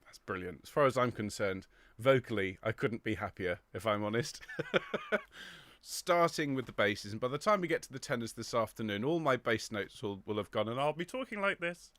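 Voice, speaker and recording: A man's voice: lowish voice, sing-song, normal speed, a bit bright, no room sound. A middle-aged man leading an online choir rehearsal from his home studio, chatting and greeting viewers by name. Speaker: choir director. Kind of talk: livestream rehearsal chat.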